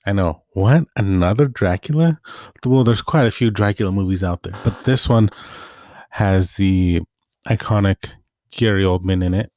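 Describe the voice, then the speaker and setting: A man's voice: sits low, moderate pace, no echo, clean studio sound. A young man giving a casual, rambling movie recap, often correcting himself mid-sentence. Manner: rambling, self-correcting, relaxed. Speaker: movie vlogger.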